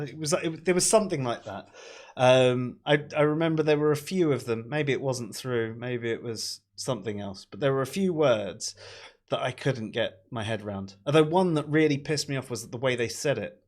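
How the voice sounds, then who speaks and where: A man hosting a casual chat, rambling and swearing freely. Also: mid-range voice. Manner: rambling, swears, laughs often.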